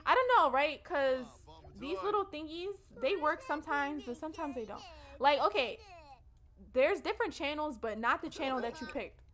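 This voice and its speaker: A woman's voice: high voice, animated, moderate pace, fairly bright tone. A young woman hosting a let's play, chatting casually and expressively to her viewers in slangy talk. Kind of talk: casual gameplay commentary.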